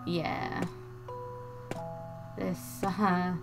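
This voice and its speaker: A woman's voice: mid-range voice, lively intonation, moderate pace. A woman hosting a let's play, chatting casually, reading game text aloud and joking. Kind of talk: casual gameplay commentary. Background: game music.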